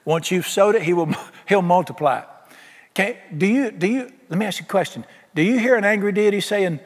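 Brief pastor, man, high voice, folksy and animated, long hall reverb behind him. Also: brisk. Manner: folksy, animated preaching with acted-out quotes. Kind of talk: sermon.

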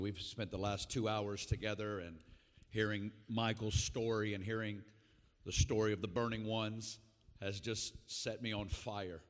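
A man in his forties with an Arkansas accent, telling his testimony as a guest preacher in folksy storytelling style with frequent asides. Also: on the low side. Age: 40s. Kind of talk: sermon testimony. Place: large conference hall. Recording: reverberant hall.

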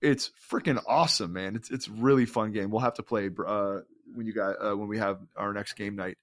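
A man's voice: fairly low pitch, steady tone, fairly quick, a bit bright. Rambling, upbeat man chatting casually. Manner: rambling, enthusiastic storytelling with many fillers. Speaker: podcast co-host. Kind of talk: casual chat.

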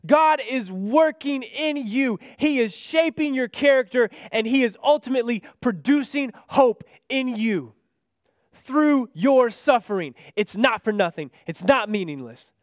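High-voiced earnest male preacher, dry sound. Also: expressive, a little slow, no echo. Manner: earnest, building to impassioned pleas then dropping soft. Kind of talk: sermon.

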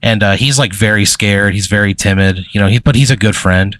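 A man's voice: lowish voice, brisk, fairly bright tone, dry recording. A man narrating a tabletop game as game master, rambling with many fillers. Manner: rambling, filler-heavy storytelling.

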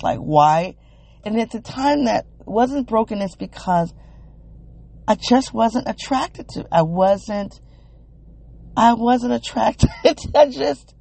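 Woman talking to her podcast listeners, warm mellow voice with some fry, halting, stops and restarts a lot. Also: lowish voice. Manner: thinking aloud, halting and searching, emotionally open. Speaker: wellness podcast host. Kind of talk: reflective solo podcast monologue.

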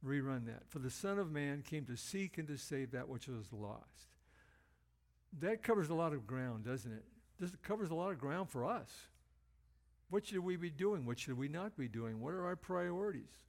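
A male preacher giving an earnest, emphatic sermon, slowing down to stress key phrases. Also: a little high, animated.

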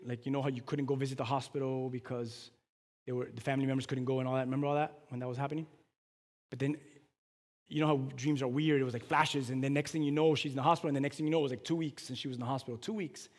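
A man preaching as pastor, telling a story that swells into loud, fervent preaching. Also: mid-range voice, fairly even intonation, racing. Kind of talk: sermon storytelling. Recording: long hall reverb.

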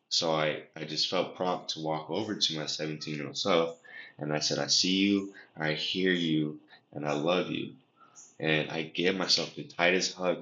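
A young man, a podcast guest, telling a personal story in an earnest, reflective way, often pausing and restarting. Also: extremely low pitch, pushed and bright. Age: young adult. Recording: echoey room, dull lo-fi sound.

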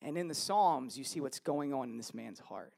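A man in his thirties preaching a sermon, telling stories in an animated way that moves from hushed to loud. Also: mid-range voice, moderate pace, gravelly. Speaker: pastor.

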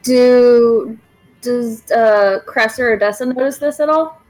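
A woman's voice: fairly high pitch, slow pace, a little mellow, faint music behind, rough recording. A woman player in a tabletop game, asking questions a little hesitantly. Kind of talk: tabletop role-play.

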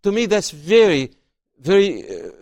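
A high-pitched male author, interviewed as a guest, talks through his book at a measured pace and reads passages aloud. He's expressive and often repeats words as sentences begin, captured in a dry, clean studio recording.

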